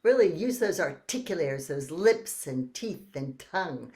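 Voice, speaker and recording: A woman leading a therapy choir on a video call, giving slow, clear, encouraging instructions for speech and breathing exercises. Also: fairly low pitch, animated, darkish tone.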